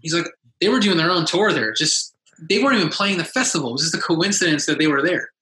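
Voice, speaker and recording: Animated man in an echoey room. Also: fairly high pitch, fast talker, slight background noise. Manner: animated, acts out quotes in a raised voice. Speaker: podcast guest, musician. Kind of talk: casual storytelling.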